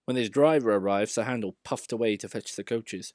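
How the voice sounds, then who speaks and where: A man reading a children's story aloud in an expressive, lively storytelling way. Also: lowish voice, fairly quick, few pauses, no echo, studio quality. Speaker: narrator.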